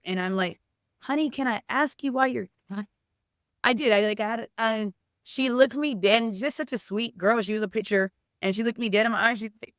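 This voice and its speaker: A middle-aged woman with a smooth, clear voice speaks casually in an interview. She tells stories with a lot of "like" fillers and acts out what people said. The sound is dry and close. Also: mid-range voice, no room sound. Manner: animated storytelling, many "like" fillers, acts out quoted speech. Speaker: softball coach and former college player.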